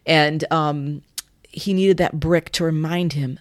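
A woman who runs a yoga studio, telling a story in an animated way on a podcast. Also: sits low, takes it slowly, dry recording. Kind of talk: casual storytelling chat.

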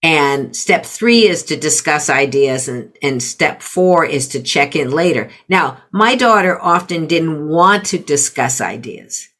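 A middle-aged woman coaching parents in conversation, calmly explaining with example phrases. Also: low voice, measured pace, few pauses. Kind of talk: conversational teaching.

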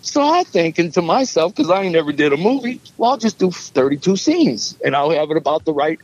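High-voiced rambling storyteller man. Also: sing-song, brisk, husky, no echo, muffled recording. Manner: rambling storyteller, acts out quotes. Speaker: musician and filmmaker. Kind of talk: casual chat.

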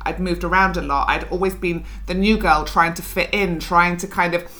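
Woman, middle-aged, from Scotland, podcast guest, frank storytelling, bright forceful tone. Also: lowish voice, steady tone, normal speed. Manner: reflective, frank, laughs through her story. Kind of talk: candid conversational storytelling.

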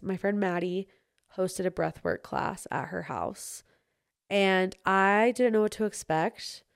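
A young woman hosting a solo podcast, chatting casually with many likes and ums, softening into a gentle, consoling tone when things turn serious. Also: on the low side, creaky, no echo, clean studio sound. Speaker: podcast host. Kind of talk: solo podcast chat answering listener messages.

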